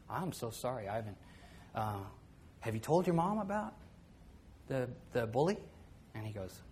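Man, middle-aged, personal story, conversational, goes quiet and soft, chuckles, faint background hiss. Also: mid-range voice, lively intonation, normal speed, long pauses.

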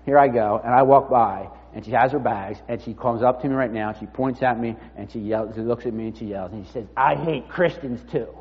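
A man preaching a sermon in a conversational, storytelling way, often dropping his voice low and quiet. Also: fairly even intonation, fast, hardly any pauses. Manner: conversational storytelling, drops to near-murmur. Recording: dull sound with long reverb in a hall.

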